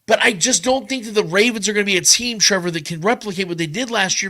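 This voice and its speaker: A man hosting a podcast, debating football predictions in a casual, animated way, often repeating himself to drive a point home. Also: high-pitched, fast talker. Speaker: podcast host.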